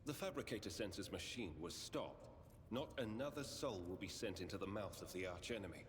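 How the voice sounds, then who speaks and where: A stern game interrogator, played by a man, formal and measured. The voice sits very low. It rings with a long reverb over a faint hiss. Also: lively intonation, natural voice. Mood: grave. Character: stern male inquisitorial interrogator.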